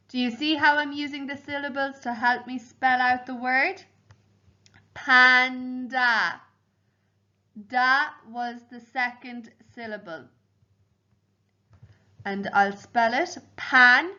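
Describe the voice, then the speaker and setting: A woman teacher talks very slowly and clearly, breaking words into syllables and spelling them out letter by letter for small children. Her voice sits a little high, and the recording is dull and lo-fi. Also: sharp tone. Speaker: primary school teacher. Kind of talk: home learning phonics lesson.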